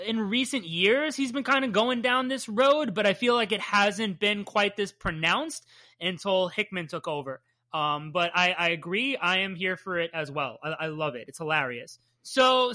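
A comic podcast co-host talks through the issue in a relaxed, candid way, slipping into dry sarcasm now and then. The voice is bright and forward, with a medium pitch. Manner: measured, candid, playfully sarcastic. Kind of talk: casual chat.

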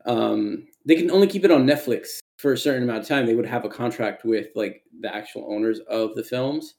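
A man co-hosting a casual podcast chat, rambling and halting as he makes his point. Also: mid-range voice, creaky, darkish tone. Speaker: podcast co-host. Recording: echoey room.

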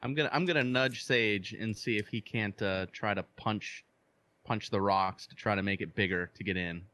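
Low, bright-voiced male player. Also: normal speed. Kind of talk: tabletop game play.

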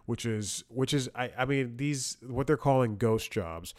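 A man's voice: mid-range voice, a little slow, no echo, clean studio sound. A man hosting a podcast, telling a story in a rambling, self-interrupting way and laughing at his own jokes. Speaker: podcast host. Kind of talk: casual comedic monologue.

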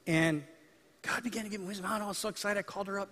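A man's voice: high voice, fairly even intonation, fast, sharp tone, big-room sound. A male pastor preaching a sermon in a conversational, storytelling way, acting out the lines of people in his stories.

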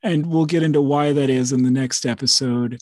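A man's voice: mid-range voice, fairly even intonation, fairly quick, darkish tone, dry recording, studio quality. A man hosting a podcast as a professor, explaining ideas in an enthusiastic, rambling, casual academic way.

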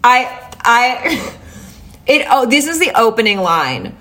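Lively, sarcastic young woman podcaster. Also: a little high, slow pace. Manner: laughing, sarcastic, reads lyrics aloud mockingly. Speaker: podcast co-host. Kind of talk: casual chat.

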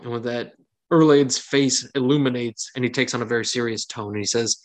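A man running a tabletop game as its game master, spinning scenes in a playful, chatty way and dropping jokey asides between descriptions. His voice sits at an ordinary middle pitch. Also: steady tone, brisk.

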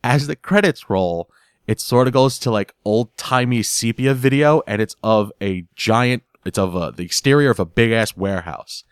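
A man's voice: medium pitch, normal speed, smooth, dry recording, studio quality. Man giggling through a sitcom recap. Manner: animated storytelling, giggles often, repeats words while he searches for them. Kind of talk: casual episode recap.

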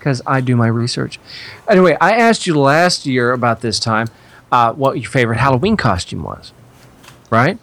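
A man's voice: medium pitch, sing-song, moderate pace, fairly bright tone. Teasing podcast co-host man. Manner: chatty, teasing, leads the questions. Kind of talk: casual crude podcast banter.

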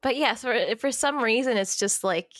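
A young woman with a fairly high voice reviews a book in loose, casual chat, swearing and laughing as she goes. The sound is close and dry, with no room around her. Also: moderate pace, dry recording. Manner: swearing, laughing, animated and informal. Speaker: podcast co-host, book critic.

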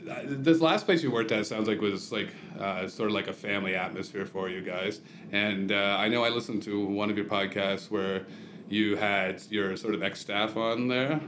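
A man's voice: on the low side, moderate pace, fairly bright tone. A man hosting a podcast interview, asking questions casually with many hesitations. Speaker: podcast host, restaurant owner. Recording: roomy with faint noise.

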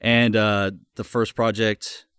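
Upbeat low-voiced young man, dry close mic. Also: flat delivery, slow, fairly bright tone, smooth, dry recording. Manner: upbeat, laughs easily, stumbles and repeats words. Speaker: guest voice actor. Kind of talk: casual podcast chat.

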